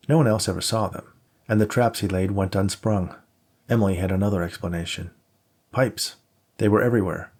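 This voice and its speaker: A man reading his own novel aloud as audiobook narration, steady and measured. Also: fairly low pitch.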